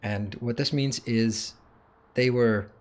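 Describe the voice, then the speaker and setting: A man's voice: medium pitch, fairly even intonation, slow. Man thinking aloud over gameplay. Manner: thinking aloud, with fillers and restarts. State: has the hiccups. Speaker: gaming YouTuber. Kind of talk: casual gameplay commentary.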